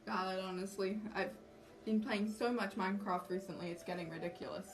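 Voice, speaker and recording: With a medium-pitched, steady voice that runs a little fast, a young woman chats casually to her livestream audience. The cosplay livestreamer teases herself and wanders off topic easily, with music playing behind a distant mic.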